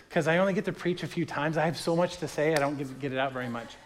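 High-voiced man preaching a casual sermon. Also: fast talker, slight background noise. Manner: conversational, animated storytelling with quoted voices. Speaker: pastor.

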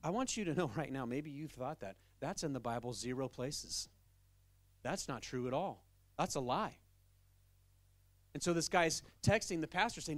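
A man who is a pastor, preaching a sermon in an animated, emphatic, conversational way. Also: fairly high pitch, normal speed, no echo.

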